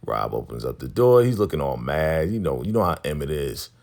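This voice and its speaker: A man's voice: very deep voice, very animated, brisk, gravelly, darkish tone. A man casually recapping a TV episode, retelling scenes in a loose, conversational way and paraphrasing what the characters say. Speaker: TV recap vlogger.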